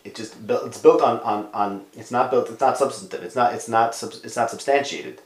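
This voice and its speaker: A man giving a conversational Torah lecture on a podcast, stressing some words loudly and dropping to quiet asides, with Hebrew and Yiddish terms mixed in. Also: medium pitch, brisk, reverberant. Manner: emphatic, swings between loud stresses and quiet asides.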